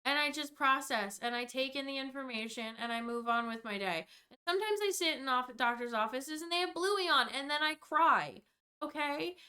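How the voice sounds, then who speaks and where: A woman's voice: high-pitched, lively intonation, moderate pace, sharp tone. A young woman vlogger telling a storytime rant, exasperated and rambling, swearing freely as she goes.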